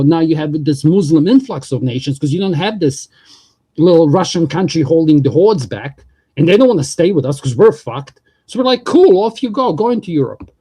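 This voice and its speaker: A man's voice: on the high side, warm tone. A man hosting a livestream, talking politics in a casual, profane, rambling way.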